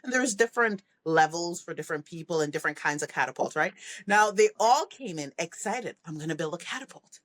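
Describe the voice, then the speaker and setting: On a podcast, a middle-aged leadership coach speaks fairly quickly in a fairly low voice during a conversational interview. She laughs a lot while animatedly spinning stories, voicing the kids in them.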